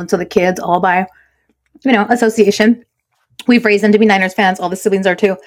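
A woman co-hosting a podcast, talking about her family in brisk, emphatic casual chat. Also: medium pitch. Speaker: podcast co-host.

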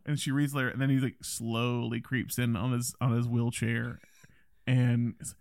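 A man's voice: medium pitch, flat delivery, moderate pace, a little mellow, clean tone, no echo, studio quality. A man co-hosting a film podcast in casual chat, acting out movie lines in playful put-on voices. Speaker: podcast co-host.

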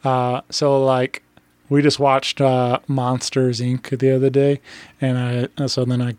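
A man's voice: medium pitch, monotone, a little mellow, clear, resonant tone, no room sound. A man hosting a podcast in casual chat, rambling a bit and agreeing often. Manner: rambling, many fillers and restarts, quick to agree.

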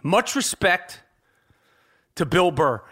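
This sports podcast host has a high voice with big pitch swings, a slow pace, and a slightly rough, somewhat bright sound. He mixes sports talk with a host-read ad, rambling brashly, swearing, and repeatedly asking "okay?"

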